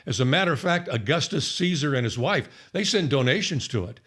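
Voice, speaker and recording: A man's voice: a little high, expressive, brisk, fairly bright tone. A man teaching on the Bible in a conversational storytelling way, acting out the people he quotes. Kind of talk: sermon-style Bible teaching.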